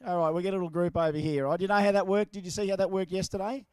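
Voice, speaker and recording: Australian male event announcer, high-pitched, jokey with the crowd, handheld mic outdoors. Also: little pitch movement, rapid-fire, a little mellow, clear, resonant tone, dry recording. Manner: chatty and jokey, calls out to the crowd. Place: outdoors at a racetrack. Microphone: handheld microphone and horn speaker.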